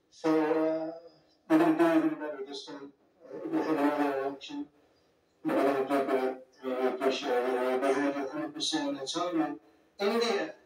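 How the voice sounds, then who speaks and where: A man's voice: fairly high pitch, darkish tone. Rambling man speaking in an echoey hall. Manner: rambling, digressive, folksy asides. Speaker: speaker greeting leaders at a summit. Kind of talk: off-the-cuff public speech. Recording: very echoey hall, distant mic, faint music.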